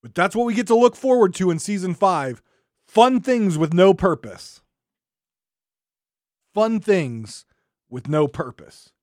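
A podcast host ranting angrily and sarcastically, swinging from shouting to muttering. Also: medium pitch, animated, takes it slowly, long pauses, no echo, studio quality. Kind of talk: solo gaming podcast rant.

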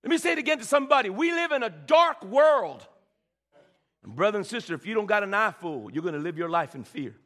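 A man preaches with a high, bright voice that leaps around in pitch, stammering through repeated words and calling on the congregation to answer. His sermon rings out through a reverberant church hall. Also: very animated, brisk. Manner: preaching with frequent stammered repeats and call-and-response. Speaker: pastor. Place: church sanctuary.

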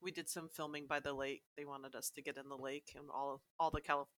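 A woman's voice: low-pitched, flat delivery, fairly quick, fairly bright tone. A woman guest on a podcast, recalling events in a casual, rambling way with many fillers. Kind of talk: casual chat.

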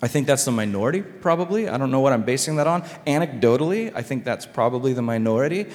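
A man's voice: medium pitch, expressive, quick pace, darkish tone, big-room sound. A man preaching a sermon as pastor, casual and conversational, full of fillers and asides. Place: church sanctuary.

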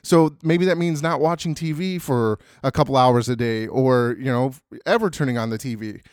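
Man, motivational podcast host, casual and earnest, rambling, mid-pitched voice, dead dry sound. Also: moderate pace, darkish tone, clean tone, no echo. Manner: rambling, earnest, many fillers and restarts. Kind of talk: casual solo motivational talk.

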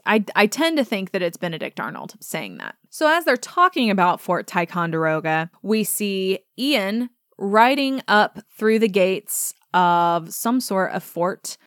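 A woman's voice: medium pitch, clear, resonant tone, dry recording, clean studio sound. A young adult woman hosting a podcast, breaking down a show trailer in a chatty, opinionated, gushing way. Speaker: podcast host. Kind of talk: casual trailer breakdown commentary.

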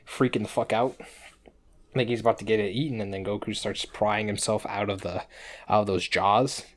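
A man with a fairly low voice talks through the plot of a cartoon episode in loose, casual podcast chat. He rambles and swears freely as he goes. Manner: rambling, profane play-by-play retelling. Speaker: podcast co-host recapping episodes.

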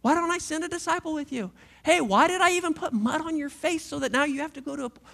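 A pastor quoting a calm teacher in a plain, casual voice during a sermon. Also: high voice, fast, vocal fry.

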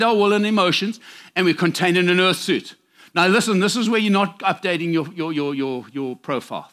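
High-voiced emphatic male preacher. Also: a bit bright. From South Africa. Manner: emphatic and direct, warning the congregation. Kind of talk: sermon.

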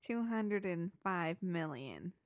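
A woman's voice: fairly low pitch, animated, slow pace. A woman chatting and teasing with friends on a casual podcast, telling stories and answering a quiz. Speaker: podcast co-host. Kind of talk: casual chat among friends.

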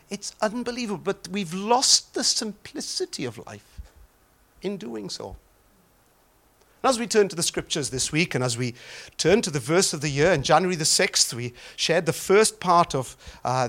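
A middle-aged man with a Welsh accent, a pastor preaching a sermon with humorous stories that swing from loud exclaiming to soft prayer. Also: fairly high pitch.

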